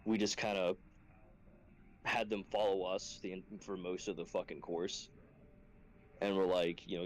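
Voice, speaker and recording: A man's voice: unhurried, pauses often, slight background noise, low-quality recording. A man telling a training story in casual, profane chat, acting out quotes with sudden jumps in his voice. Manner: profane, animated, acts out quotes in a high voice. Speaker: Marine instructor telling a war story.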